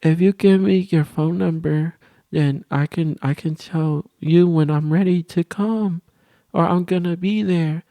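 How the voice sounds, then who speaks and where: Man putting on a high, clingy schoolgirl. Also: steady tone, measured pace, mellow, no echo. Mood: insistent. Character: pushy, clingy young schoolgirl with a crush.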